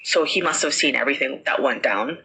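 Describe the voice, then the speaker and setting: A woman voicing a young man who calmly explains his family's parrot, matter-of-fact and casual in a spoken ghost story. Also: extremely low pitch, a little fast, slight background noise, exaggerated voice, rough recording.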